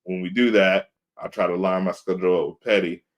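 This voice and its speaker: A man's voice: low voice, steady tone, brisk, muffled recording. A man in his thirties, co-hosting a podcast in casual chat, telling laid-back stories and acting out quotes. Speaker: podcast co-host. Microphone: video call.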